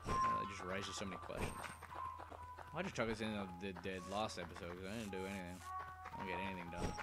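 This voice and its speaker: A man's voice: sits low, steady tone, quick pace. A young man giving casual, rambling gameplay commentary full of swearing and mumbled asides. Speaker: let's play gamer. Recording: game music loud behind voice. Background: game music.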